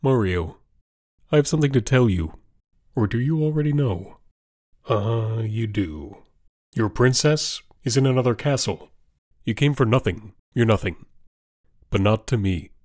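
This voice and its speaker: A man playing a voice actor who reads his lines in a deadpan, flat way. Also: medium pitch, unhurried, pauses often, voice pushed down. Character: voice actor reading lines for a small mushroom sidekick, male.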